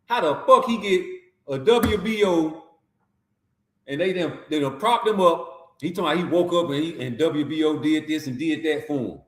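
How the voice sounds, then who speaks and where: A man's voice: a little high, normal speed, a bit bright, roomy sound. A man, delivering a profane, mocking, heated boxing rant. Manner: trash-talking, mocking, heated. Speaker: boxing commentator.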